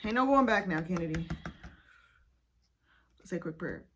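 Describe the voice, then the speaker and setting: A beauty vlogger chats nervously to herself and her viewers in a casual home vlog, recorded on a camera set up nearby. Her voice is on the low side and animated, at a moderate pace, with background noise.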